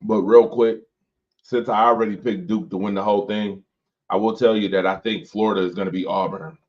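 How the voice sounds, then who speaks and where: A man's voice: fairly low pitch, fairly even intonation, a little fast. Laid-back man hosting a sports show. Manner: loose, joking banter, reading comments aloud. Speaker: host of a late-night sports talk show. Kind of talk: casual chat with viewers. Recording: dull lo-fi stream audio.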